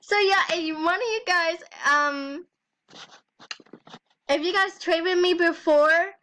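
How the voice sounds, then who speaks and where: A woman's voice: extremely high pitch, slow pace, bright, forceful tone. A teenage girl ranting angrily in a vlog, swearing and breaking into nervous laughs. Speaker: vlogger. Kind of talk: angry rant vlog.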